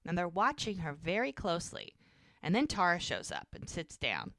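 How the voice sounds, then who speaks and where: Podcast co-host, woman, lowish voice, dry close sound, casual scene-by-scene recapper. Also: wildly swooping pitch, fairly bright tone, dry recording. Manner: retells scenes quickly in running narration. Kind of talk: casual chat recapping a TV episode.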